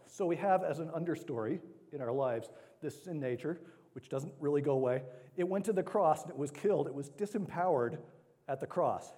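A male preacher delivering an energetic, emphatic sermon to a congregation, repeating key phrases for weight. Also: a little high, fairly quick. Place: church sanctuary. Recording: long hall reverb.

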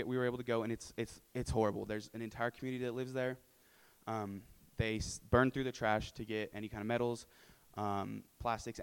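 Smooth low-voiced young man giving testimony. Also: poor audio. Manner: casual and earnest, many fillers and tag questions. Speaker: returned mission volunteer. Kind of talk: personal testimony to supporters.

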